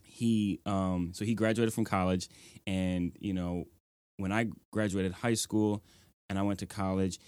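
A young nonprofit executive director, interviewed as a guest, earnestly shares reflective personal stories peppered with "like" and "you know." His voice sits low and is clear, resonant, and darkish, unhurried with fairly even intonation, and there's no room sound.

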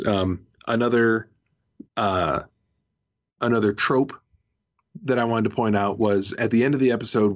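A man co-hosting a podcast, chatting casually about a TV episode, rambling with lots of fillers and restarts. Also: fairly low pitch. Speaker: podcast co-host. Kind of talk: casual chat reviewing a TV episode. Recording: muffled lo-fi audio.

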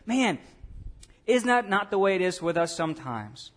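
A pastor preaching a sermon in a conversational way, tossing questions and asides to the congregation. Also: male voice, high voice, big pitch swings, moderate pace.

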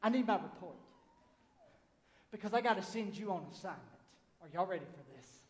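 A man with a Southern US accent voicing Satan as a scheming boss who gives orders to his demons in a low, drawling voice, recorded in an echoey hall. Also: expressive, fairly quick.

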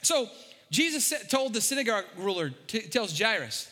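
Animated pastor, high bright voice. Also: male voice, normal speed. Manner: animated, jokey, stumbles and repeats words. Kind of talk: sermon. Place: large church hall. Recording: long hall reverb.

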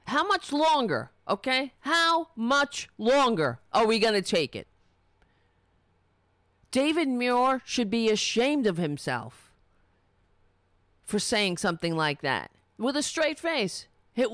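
A woman's voice, slightly high and swinging widely in pitch, tears into her subject with sarcasm and swearing. She takes her time, dragging out her indignant points, and the recording is close and dry with no room sound. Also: a bit bright, no room sound. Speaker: political commentator. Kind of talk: angry political rant.

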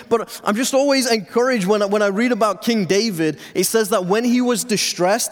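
A male pastor giving a sermon in a conversational, joking way to his congregation. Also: high voice. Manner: conversational preaching, jokes with congregation. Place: church sanctuary with live audience. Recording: reverberant hall sound.

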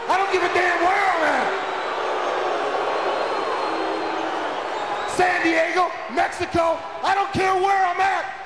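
Man, shouting, very high strained voice, echoey arena, loud crowd. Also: steady tone, moderate pace. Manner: shouting, demanding. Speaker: wrestler cutting a promo. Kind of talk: arena promo. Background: loud crowd noise.

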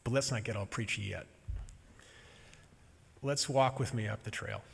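A man preaching a sermon as a minister, gentle and reflective with touches of humor. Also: on the low side, normal speed, vocal fry, husky, in a large hall.

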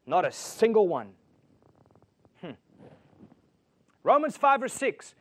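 A male preacher with a high voice delivers a sermon. He swings between booming emphasis and quiet, intimate storytelling. He keeps pressing his listeners with rhetorical questions. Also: huge pitch swings, slow pace, pauses often, slightly rough. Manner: asks the audience rhetorical questions. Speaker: pastor.

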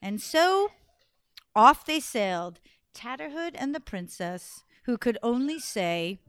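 A woman telling a folk tale to an audience in an expressive, playful way, with dramatic pauses. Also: a little high, smooth, no room sound. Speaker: storyteller. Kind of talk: animated storytelling to an audience.

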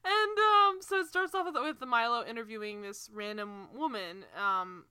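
Young woman podcast cohost, high bright voice, laughs a lot, dry close sound. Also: moderate pace, smooth, no echo. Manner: animated, laughs often, trails off mid-sentence. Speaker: podcast co-host. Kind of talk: casual chat recapping a TV show.

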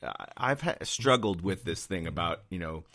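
A man's voice: deep voice, animated, normal speed, a bit bright. A man in a casual conversation, speaking earnestly and reflectively, often hesitating and restarting as he works through his thoughts.

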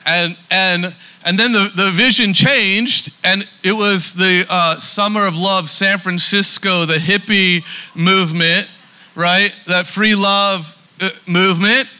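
A man's voice: high-pitched, steady tone, takes it slowly, bright, forceful tone, clean tone. A man preaching a sermon as pastor, emphatic, often repeating words as he starts a sentence.

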